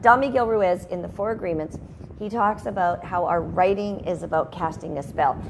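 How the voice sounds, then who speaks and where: A woman's voice: fairly low pitch, moderate pace. Woman rambling thru a casual self-help talk at home, lots of asides, faint hiss behind. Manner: chatty, rambling, with sidebars and laughs. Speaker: host. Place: her home. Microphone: headphones and microphone at a video call setup.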